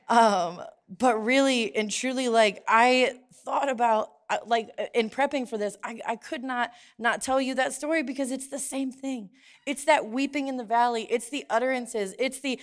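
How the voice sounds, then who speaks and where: A woman's voice: on the high side, normal speed. A woman preaching a sermon, telling a personal story in a conversational way with frequent restarts.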